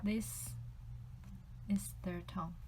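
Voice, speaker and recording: Slow-paced woman teaching tones. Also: fairly even intonation, mellow, slight background noise, rough recording. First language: Mandarin Chinese. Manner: demonstrates tones with exaggerated pitch glides. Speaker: Chinese language teacher. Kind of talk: explaining lesson to camera.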